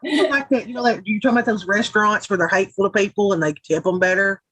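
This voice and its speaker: On a low-quality recording, a Southern livestream host talks quickly at a medium pitch with a fairly bright tone. She reads viewer comments aloud, chatting casually, rambling and cursing as she goes.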